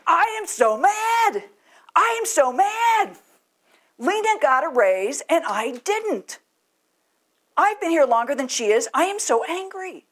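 A woman voicing an irate office worker who shouts indignantly about being passed over for a raise. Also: extremely high pitch, big pitch swings, slow, voice pushed up, exaggerated voice. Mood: furious. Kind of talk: acted quote in a talk.

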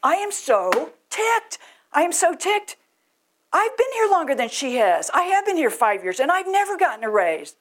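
A woman voicing an irate office worker who shouts indignantly about being passed over for a raise. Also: high-pitched, very animated, normal speed, pitched above the performer's own voice. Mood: furious. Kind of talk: acted quote in a talk.

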